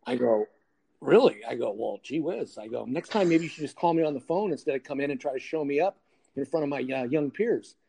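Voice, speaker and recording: A man's voice: medium pitch, lively intonation, brisk, creaky, mellow, slightly rough. An older man, a retired detective, telling a blunt, wry anecdote and acting out both sides of the dialogue. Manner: blunt, wry, acts out dialogue with lots of "I go" and "he goes". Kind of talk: casual anecdote storytelling.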